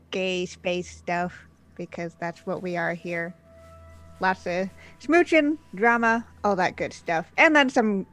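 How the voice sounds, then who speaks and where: A woman's voice: medium pitch, a bit bright. A woman game master opening a tabletop role-play stream, upbeat and chatty, with many filler sounds. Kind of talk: stream intro and announcements.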